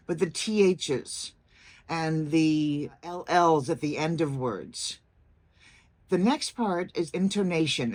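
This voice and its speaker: A woman accent coach giving a clear, deliberate lesson, demonstrating phrases aloud. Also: on the low side. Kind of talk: instructional talk to camera.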